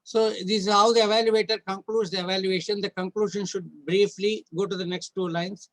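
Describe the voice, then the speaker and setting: Guy with a high-ish voice running judges training, goes slide by slide, kinda halting. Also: steady tone, low-quality recording. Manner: instructive, walks through slides point by point. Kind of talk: online training lecture.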